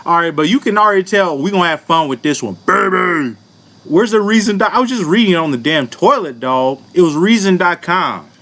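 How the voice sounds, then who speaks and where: A man's voice: high-pitched, lively intonation, fairly quick, few pauses, a bit bright. A man giving a comedic commentary rant to his viewers, profane and mocking, laughing often and talking down to them. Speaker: vlogger.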